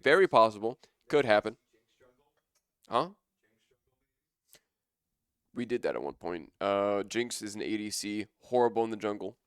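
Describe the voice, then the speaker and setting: A man's voice: on the low side, animated, unhurried, pauses often, a bit bright, clear, resonant tone, no room sound, clean studio sound. Casual young male esports caster. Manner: casual, rambling, enthusiastic. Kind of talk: live esports commentary.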